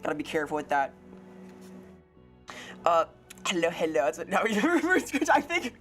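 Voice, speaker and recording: A woman streaming casually, greeting chat by name with bubbly, pun-filled talk that leaps up in pitch on her hellos. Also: big pitch swings, normal speed, a bit bright, soft background music. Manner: bubbly, punny, swoops up on greetings.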